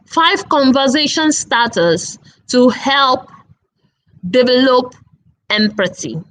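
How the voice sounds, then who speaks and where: A woman in her thirties giving an online parenting talk, earnest and repetitive, stressing points with slow emphatic phrases. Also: high voice, expressive, fairly bright tone, low-quality recording. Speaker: webinar speaker on parenting.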